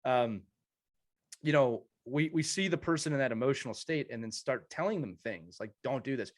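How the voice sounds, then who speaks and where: A man's voice: mid-range voice, lively intonation, moderate pace. A man hosting an interview podcast, telling personal stories earnestly with many restarts. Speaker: podcast host. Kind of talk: conversational interview.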